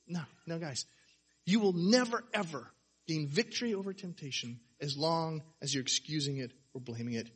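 A man preaching a sermon, animated, firing off rhetorical questions and acting out quotes. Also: a little high, husky. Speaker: pastor.

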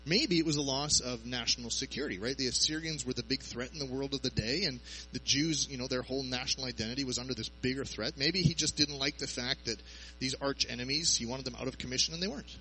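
A man's voice: medium pitch, quick pace, hardly any pauses, sharp tone, a little hiss or hum, rough recording. A man preaching a sermon in a conversational way, asking his listeners rhetorical questions.

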